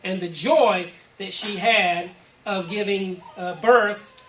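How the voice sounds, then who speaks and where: A woman's voice: mid-range voice, slow pace, a little hiss or hum. A woman giving a conversational, reflective sermon, listing examples one by one, recorded from a distance in a church hall. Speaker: preacher. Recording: roomy echo from a distant mic, faint ambience.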